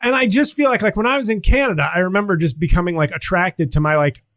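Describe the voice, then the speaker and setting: A man's voice: sits high, fast, a bit bright. A middle-aged man hosting a podcast in casual comedic chat, acting out quotes with shifting voices. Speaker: podcast host.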